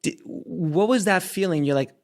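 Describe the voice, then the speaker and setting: A man's voice: sits high, moderate pace. A man hosting a casual podcast interview who reacts with exclamations and asks probing questions. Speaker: podcast host.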